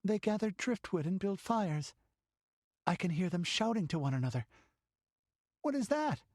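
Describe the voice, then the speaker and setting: Man putting on a shrill frightened young girl. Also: lively intonation, moderate pace, a little mellow, no room sound, clean studio sound. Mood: hushed watchful. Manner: shrill, whimpering.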